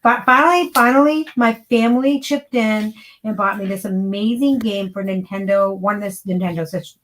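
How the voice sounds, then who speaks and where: A woman's voice: medium pitch, moderate pace, a bit bright, rough recording. A middle-aged woman co-hosting a casual online chat, telling stories and offering support. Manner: chatty storytelling, supportive. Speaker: co-host.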